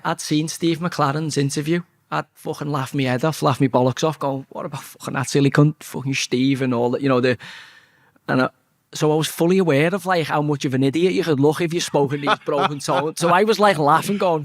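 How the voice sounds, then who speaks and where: A man's voice: medium pitch, vocal fry. A man in his forties with a Scouse accent, a former footballer telling stories as an interview guest, swearing freely and acting out quotes. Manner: swears freely, lively anecdotes with acted-out quotes. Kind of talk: casual storytelling interview.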